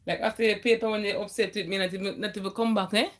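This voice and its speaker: A woman's voice: medium pitch, steady tone, very fast. A woman tutoring math on a casual live stream from her phone, chatty and laughing often, sometimes talking while eating.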